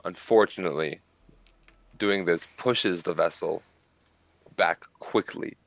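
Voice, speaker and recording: A man narrating a tabletop game as game master, in a relaxed, conversational way with occasional fillers. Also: deep voice, slow pace, vocal fry, dry recording.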